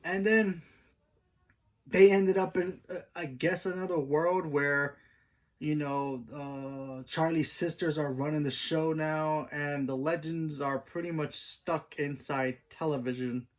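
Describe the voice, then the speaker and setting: A man's voice: on the high side, steady tone, takes it slowly. A man hosts his own review channel and talks through a TV episode in a loose, conversational way. He rambles, trips over himself and restarts sentences, filling the gaps with ums and uhs. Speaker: host.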